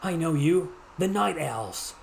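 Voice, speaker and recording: Mexican dude reading a wary young thief kid, flat and guarded, bit slow. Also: male voice, on the high side, vocal fry, a little hiss or hum, full character voice.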